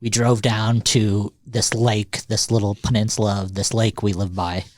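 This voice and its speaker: A man's voice: on the low side, flat delivery, moderate pace, no echo. A man co-hosting a podcast, telling rambling, self-correcting anecdotes in casual chat with swearing and laughter. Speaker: podcast co-host.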